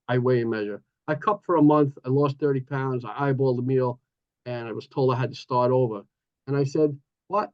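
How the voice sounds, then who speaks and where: A man in his sixties from New York, sharing his recovery story at a meeting in a lively, joking way over a video call. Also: mid-range voice, lo-fi sound. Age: 60s. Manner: lively storytelling with playful asides. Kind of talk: personal recovery share.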